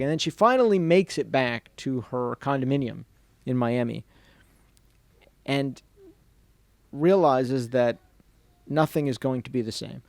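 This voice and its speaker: A man speaking to an audience at a bookstore event, telling a story in a lively way and dropping to a hushed voice when he quotes people. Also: mid-range voice, unhurried, creaky, long pauses, no room sound. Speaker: author giving a book talk. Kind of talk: storytelling book talk.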